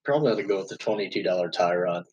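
A man's voice: low-pitched, lively intonation, racing, darkish tone, lo-fi sound. A man in casual chat, asking short questions and teasing with laughs.

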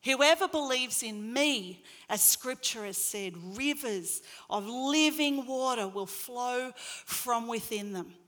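A woman preaching a sermon in an expressive way, her voice rising into loud calls at its peaks. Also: fairly high pitch, slow pace, big-room sound. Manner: expressive, rising to loud acted crowd cries.

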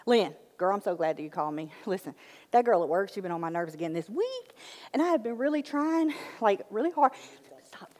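A woman acting in a church skit as an excitable mother who chatters, fusses and keeps apologizing. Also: mid-range voice, in a large hall, close to an everyday voice. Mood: chatty. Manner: bubbly, chatty, quick to apologize. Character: excitable churchgoing mom, easily flustered.

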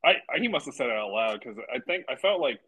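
A man's voice: medium pitch, sing-song, fast talker, breathy edge, muffled recording. A man co-hosting a podcast who chimes in with short reactions and laughs often. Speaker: podcast co-host. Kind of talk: casual chat.

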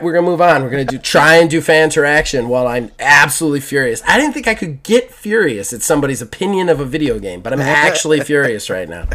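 A man's voice: fairly high pitch, a bit bright. A man hosting a casual gaming podcast, ranting in mock fury and swearing at his co-host.

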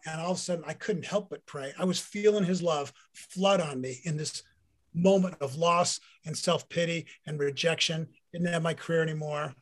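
A middle-aged man, a former pro football player, telling a personal faith story in an interview with earnest, animated delivery. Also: fairly high pitch. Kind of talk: personal faith testimony in conversation.

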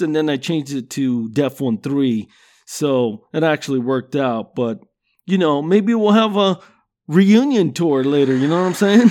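A man's voice: fairly high pitch, darkish tone, a little hiss or hum. A man hosting a comedy podcast, ranting with constant swearing and laughing at his own jokes. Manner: swears constantly, laughs at own jokes, "you know what I'm saying". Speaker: podcast host. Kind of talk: profane comedic rant.

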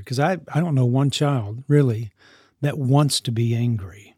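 A man's voice: mid-range voice, expressive, moderate pace, a little mellow, husky, no room sound, clean studio sound. A man who mentors teenagers gives an earnest parenting talk, often repeating and restarting his phrases. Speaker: youth mentor living with teens.

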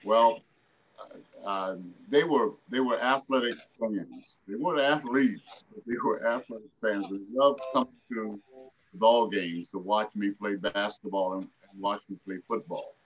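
A man in his seventies, a guest telling a relaxed anecdote in an interview. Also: lowish voice, unhurried, highs cut off. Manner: relaxed anecdotal telling with lively quoted voices. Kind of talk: storytelling in an interview.

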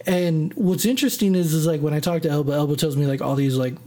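A man's voice: on the high side, fast, warm tone. A man hosting his own podcast, telling a personal story in a rambling, self-deprecating way that keeps drifting off on tangents. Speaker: podcast host. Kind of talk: casual solo storytelling.

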